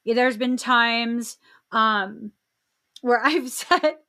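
A young woman hosting a podcast in casual chat, expressive, with frequent laughs and exclaimed reactions. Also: a little high, very slow. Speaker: podcast host.

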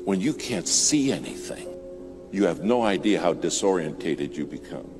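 Deep-voiced man preaching over music. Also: animated, normal speed. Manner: dramatic, builds to emphatic peaks then drops soft. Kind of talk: sermon storytelling.

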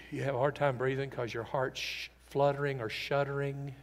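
A man preaching a sermon, earnest and emphatic, swinging between loud declarations and quiet, intimate passages. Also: mid-range voice, flat delivery, unhurried. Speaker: pastor. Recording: long reverb of a large hall.

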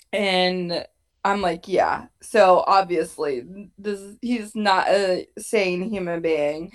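Woman podcast co-host, casual recap chat, animated delivery with frequent swearing. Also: lowish voice, takes it slowly. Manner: animated, swearing, acts out quotes.

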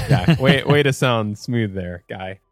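A man hosting a casual tech podcast, talking in a rambling way with fillers and self-corrections. His voice sits at an ordinary pitch for a man. The sound is dry and close, with no room around it. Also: slow, no echo. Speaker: podcast host.

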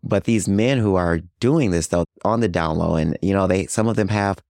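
A man with a very low voice talks earnestly as an interview guest about his outreach work. He leans on "you know" as he goes. The sound is dry and close. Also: moderate pace, a little mellow, no room sound. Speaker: guest, HIV outreach worker. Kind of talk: casual interview talk.

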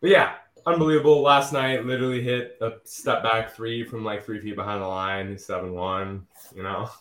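A man's voice: fairly low pitch, fairly even intonation, moderate pace, fairly bright tone. Breathless man talking sports in a roomy studio. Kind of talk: casual sports chat.

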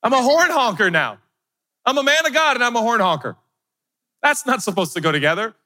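A middle-aged man preaches a sermon with a lively, bouncing pitch that swoops up and down. He jokes at his own expense and slips into other people's voices as he tells his stories. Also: fairly quick, big-room sound. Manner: animated, humorous, acts out quoted voices; self-deprecating storytelling. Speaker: pastor.

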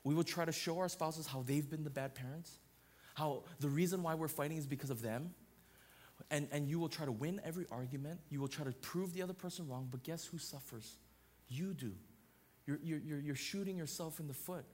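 Thirties male pastor preaching with punchy repeated phrases; voice sits a little high. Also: fairly quick, a little mellow. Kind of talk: sermon.

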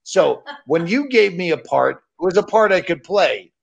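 Guest, male, from Massachusetts, gravelly and a little high, stammers and restarts often. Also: animated, moderate pace, dull audio. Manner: hesitant, stammering, lots of uh. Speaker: comedian guest. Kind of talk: casual chat.

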